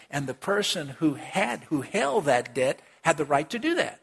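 A man's voice: fairly high pitch, moderate pace, creaky, hardly any pauses, slightly rough. A man preaching a sermon, talking straight to the congregation and acting out the characters of a story. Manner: animated, acts out characters, addresses congregation directly. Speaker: pastor. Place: church. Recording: long hall reverb.

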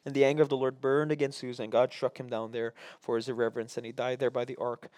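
A middle-aged man preaching a sermon, his voice set at an ordinary male pitch. He drops to a hush for quoted prayers and confessions, then rises and slows right down to press his points home. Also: level tone, no room sound. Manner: preacherly, swings from hushed to raised and slowed for emphasis; acts out quoted voices in low hushed tones. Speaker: pastor.

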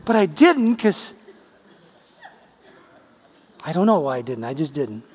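A man's voice: a little high, very animated, slow, darkish tone, long reverb tail, a faint crowd, slight background noise. A man preaching a sermon, telling stories with acted-out quotes in a conversational, emphatic way. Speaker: pastor.

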